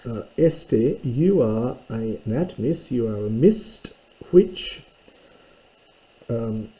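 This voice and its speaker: A man teaching a lesson, working slowly through a translation and pausing with fillers as he thinks. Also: medium pitch, animated, warm tone, poor audio. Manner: thoughtful, pauses with fillers while translating. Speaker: Greek teacher.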